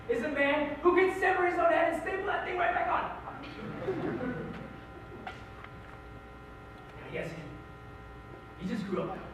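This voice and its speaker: A teenage boy performing a monologue as a middle-aged Irish-American man, telling his story in an animated, wry and emotional way. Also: extremely high pitch, a little hiss or hum. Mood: somber. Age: teens. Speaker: high school forensics performer. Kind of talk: competitive dramatic monologue. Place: school auditorium stage. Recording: echoey hall, distant mic.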